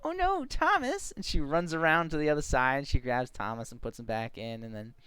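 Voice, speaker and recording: A man chats with friends on a stream and tells a funny story. His voice is smooth and clear, recorded dry and close. When he quotes people he jumps up high and gets excited. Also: brisk, no echo. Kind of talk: casual storytelling chat.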